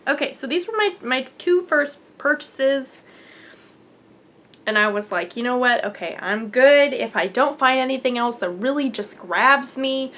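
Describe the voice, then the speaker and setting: Gushing, excitable woman podcaster. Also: high voice, moderate pace. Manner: gushing and excitable, often dropping to a near whisper. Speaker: podcast host. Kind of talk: casual podcast chat showing yarn to camera.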